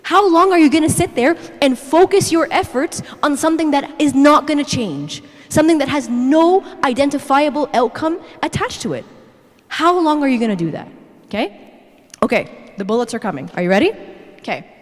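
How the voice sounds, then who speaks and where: A woman giving a lively, chatty church talk, constantly checking in with her listeners with "okay?". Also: high voice, normal speed. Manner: animated, chatty, tags "okay?" after every point. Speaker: guest speaker. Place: church sanctuary. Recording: echoey church hall.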